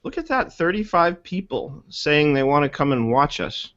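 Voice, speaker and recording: A man's voice: fairly high pitch, sing-song, moderate pace, fairly bright tone. A man hosting a casual group video chat, joking and rambling playfully. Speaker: webinar host. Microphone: video call. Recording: dull lo-fi video call audio.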